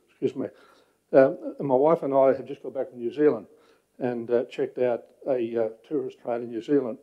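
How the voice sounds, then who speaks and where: Breathless man, mid-pitched, halting public comment, slightly dull recording. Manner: halting, frequent fillers, clears throat. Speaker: public speaker at council meeting. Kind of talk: public address at a meeting. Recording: muffled council chamber audio.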